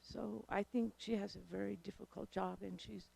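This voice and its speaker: Gravelly-voiced woman at a town meeting. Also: mid-range voice, steady tone, moderate pace, mellow. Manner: hesitant, then appreciative. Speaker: meeting participant. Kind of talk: public comment at town meeting.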